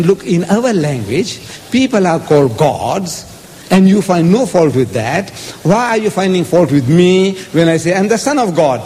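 A man with a high voice lectures emphatically on scripture. He quotes verses aloud in shifting voices. The sound rings with the long reverb of a large hall. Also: darkish tone. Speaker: speaker in a religious debate.

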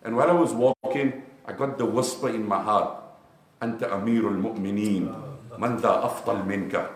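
A man's voice: fairly low pitch, moderate pace, lightly acted. A man preaching acts out a humble male leader apologizing earnestly to a gathered crowd. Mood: apologetic. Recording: echoey room.

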